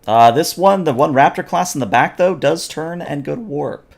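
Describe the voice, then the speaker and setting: A man's voice: a little high, normal speed, creaky. A man narrating as game master in a casual online tabletop session. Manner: relaxed, describes scenes and voices characters.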